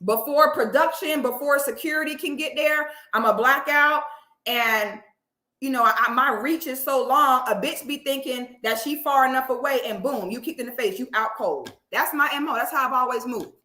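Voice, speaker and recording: A woman's voice: high voice, normal speed, pushed and bright, reverberant. A woman in a heated talk to camera, emphatic and profane, ranting with rising intensity. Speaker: online commentator.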